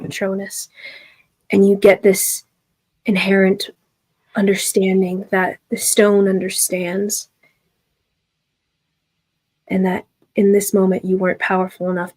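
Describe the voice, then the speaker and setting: A woman's voice: medium pitch, a little mellow. A woman narrating a tabletop game as game master, telling it dramatically with some fillers.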